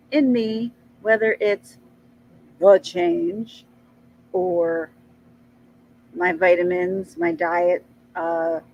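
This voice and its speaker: A woman's voice: gravelly, lo-fi sound, slight background noise. Chatty, rambling middle-aged woman. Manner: chatty, rambling, animated with frequent jumps in pitch. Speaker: vlogger. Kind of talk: casual storytelling vlog.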